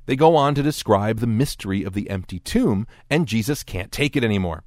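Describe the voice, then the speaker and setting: A man's voice: fairly low pitch, expressive, brisk, hardly any pauses, a little mellow, no room sound. A man giving scripted narration as a lecturer, explaining texts in a dry, wry tone and voicing quoted speech briefly.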